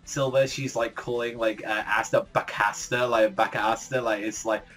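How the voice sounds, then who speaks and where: A man's voice: lowish voice, flat delivery, moderate pace, fairly bright tone. A man reviewing a comic chapter in casual, rambling commentary, full of fillers and swearing. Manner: rambling, heavy filler words, swears often. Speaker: manga reviewer.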